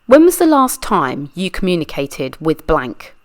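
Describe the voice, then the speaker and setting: A woman's voice: fairly low pitch, huge pitch swings, unhurried. A woman reading as a pressing, methodical lawyer. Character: persistent adult lawyer questioning a witness. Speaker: true crime channel reader. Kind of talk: read-aloud deposition reenactment.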